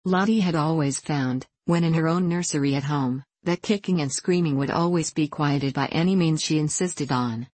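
A reader narrating a classic children's novel in a steady, measured way. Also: mid-range voice. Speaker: audiobook reader. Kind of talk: scripted storybook narration.

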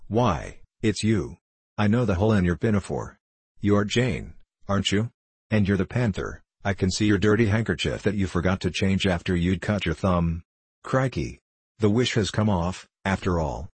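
A man's voice: sits low, lively intonation, moderate pace, slightly rough, no echo. A man reading a cheeky impudent schoolboy.

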